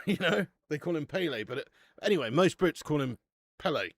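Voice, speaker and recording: A man's voice: fairly high pitch, lively intonation, a little fast, no echo, clean studio sound. A man hosting a casual football watch-along stream, chatting with the live chat and swearing casually.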